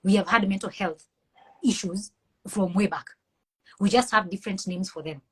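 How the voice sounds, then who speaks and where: A woman's voice: medium pitch, moderate pace, husky, low-quality recording. A woman with a Kenyan accent, a mental health professional speaking earnestly and passionately as an interview guest. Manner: earnest, impassioned, preachy. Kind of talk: conversational interview.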